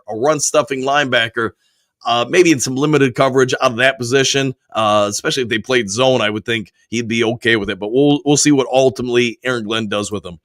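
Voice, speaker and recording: Male sports stream host, hoarse and deep from a cold, casual, reads out chat, dry close mic. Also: a bit bright, no echo. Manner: casual, reads viewer comments aloud and answers each. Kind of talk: live-stream sports talk.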